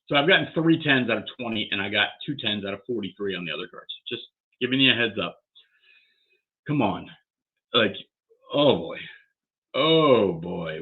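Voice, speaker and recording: A man vlogging as he opens graded trading cards, worked up and swearing as he talks to himself. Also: on the low side. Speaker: card collector vlogger. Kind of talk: excited unboxing vlog. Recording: tinny phone-like sound.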